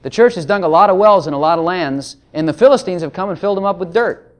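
A man's voice: high voice, lively intonation, fast. A man preaching a sermon, joking between passages of scripture he reads aloud. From Texas.

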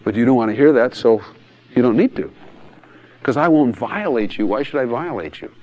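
A man's voice: medium pitch, animated, moderate pace, lo-fi sound. A man preaching in a blunt, emphatic way, often laughing and acting out quotes in other voices. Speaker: pastor. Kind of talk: sermon-style teaching talk.

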